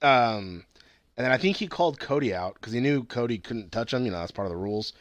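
A man's voice: mid-range voice, expressive, quick pace, no room sound. A young man chatting casually about wrestling, slangy and profane, often laughing. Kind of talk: casual wrestling chat podcast.

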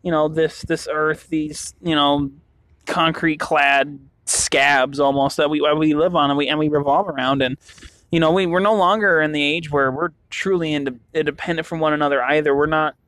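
A young man from the western US rambles in a casual solo talk, circling back through restarts and fillers. His voice sits slightly high. The sound is dry and close, with no room around it. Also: fairly even intonation, normal speed, fairly bright tone, no echo. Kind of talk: casual monologue.

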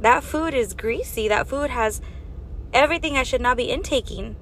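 A woman's voice: a little high, moderate pace, a bit bright, slight background noise. A woman giving an earnest faith and health talk, exhorting her listeners with strings of rhetorical questions. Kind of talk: preaching monologue.

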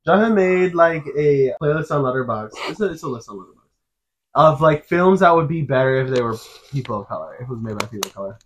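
A man co-hosting a casual podcast chat, animated and laughing as he retells scenes, saying "like" a lot. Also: mid-range voice, fast talker, slightly rough, lo-fi sound. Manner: animated, laughing storyteller who says "like" a lot. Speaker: podcast co-host.

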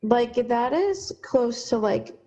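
A woman's voice: fairly high pitch, animated, slow, warm tone, lo-fi sound. A young woman co-hosting a casual sports podcast, blunt and opinionated, with many fillers. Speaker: podcast co-host.

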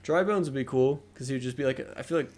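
Man, podcast co-host, rambling casual chat, mid-pitched. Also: fast, darkish tone. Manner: rambling, joking, filler-heavy.

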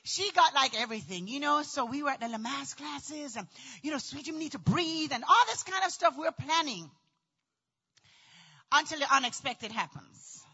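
A woman in middle age telling a personal story in a dramatic, animated way, acting out voices and often shouting. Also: sits high, normal speed, lo-fi sound. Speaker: storyteller recounting childbirth.

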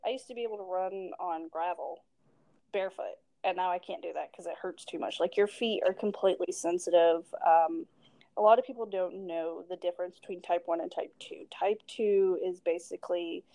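A woman's voice: on the low side, steady tone, normal speed, vocal fry, warm tone, no echo, rough recording. A young woman from Tennessee with a Southern American accent, chatting easily and folksily as a podcast co-host. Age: young adult. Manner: easygoing, folksy, laughs readily. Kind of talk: casual chat.

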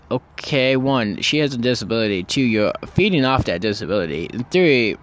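A young man telling a story in a casual, rambling way, excited and swearing often. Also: medium pitch, normal speed, few pauses. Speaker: vlogger.

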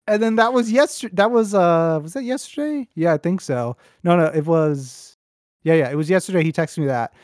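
A man's voice: fairly high pitch, normal speed, a little mellow, no room sound, clean studio sound. A young man, a podcast host, chatting casually and telling a story with lots of restarts. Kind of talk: casual chat.

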